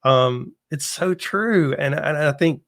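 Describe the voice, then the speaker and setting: A man hosting a podcast, calmly explaining ideas and summing up what his guest says. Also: a little high, slow pace, vocal fry. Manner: reflective, sums up the guest's points. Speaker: podcast host. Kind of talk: interview conversation.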